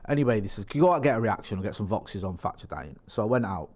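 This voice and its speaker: This podcast co-host has a lowish, slightly mellow voice that's sing-song and very fast. He rambles and jokes through a casual chat, reading news reports aloud along the way.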